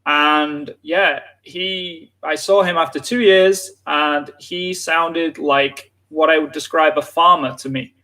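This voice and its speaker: A man's voice: a little high, steady tone, slow, few pauses, sharp tone. A man from England, chatting casually on a live lesson and filling his talk with "like". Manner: casual, lots of filler "like". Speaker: English teacher.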